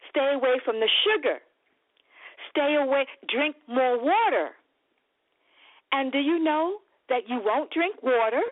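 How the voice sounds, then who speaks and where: High-voiced woman preaching on a radio broadcast. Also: dry recording. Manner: impassioned, animated, addresses listeners as beloved. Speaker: nutrition coach and broadcast host. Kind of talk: preaching-style health talk. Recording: dry, phone-like radio broadcast.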